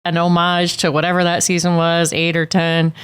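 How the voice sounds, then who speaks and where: A woman's voice: lowish voice, monotone, normal speed, clear, resonant tone. A woman co-hosting a podcast, chatting playfully about a dating show and laughing often. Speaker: podcast co-host. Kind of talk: casual recap chat.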